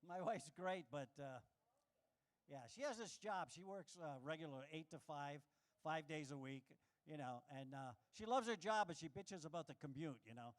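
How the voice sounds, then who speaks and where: Male stand-up from New York, high voice, brash self-deprecating club comic. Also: moderate pace. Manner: brash, self-mocking punchline delivery. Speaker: stand-up comedian. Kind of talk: stand-up comedy set. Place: live comedy showroom with audience.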